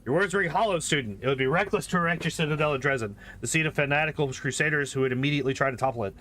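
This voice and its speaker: A man's voice: fairly high pitch, rapid-fire, fairly bright tone, a little hiss or hum, close to an everyday voice. A man playing a haughty lich mentor. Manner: haughty, lecturing, condescending. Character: imperious male lich mentor, cold and scheming.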